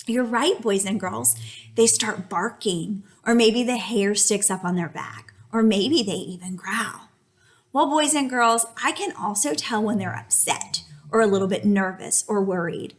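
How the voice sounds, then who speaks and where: A woman's voice: mid-range voice, unhurried. A young adult woman teaching a reading lesson to young children, reading aloud with exaggerated expression.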